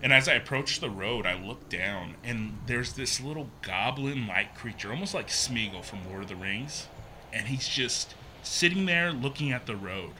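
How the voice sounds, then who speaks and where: A young man casually telling a ghost story, animated and acting out the quotes. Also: normal speed, a little hiss or hum. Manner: animated, acts out quotes with pitch jumps.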